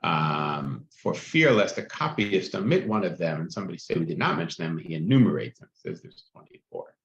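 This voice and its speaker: A man's voice: deep voice, big pitch swings, brisk. A man teaching a text-study class, reading passages aloud and explaining them in a chatty way, checking in with "right?" as he goes. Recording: muffled, echoey room.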